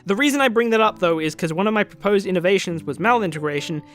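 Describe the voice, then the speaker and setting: Brief: young-sounding man, high and rapid, sarcastic rebuttal over quiet music. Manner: sarcastic, heated and profane. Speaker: video essayist responding to a critic. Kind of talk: argumentative commentary.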